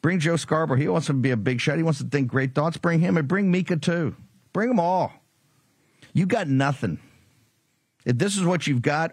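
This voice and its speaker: A man's voice: fairly high pitch, moderate pace, no echo, studio quality. A man hosting a political talk show, delivering a combative, taunting monologue full of sarcasm.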